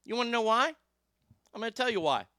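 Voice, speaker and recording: Male talk host, brash profane storyteller; clear, smooth voice. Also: extremely high pitch, expressive, quick pace, dry recording, clean studio sound. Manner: profane, loud and emphatic storyteller. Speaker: radio show host.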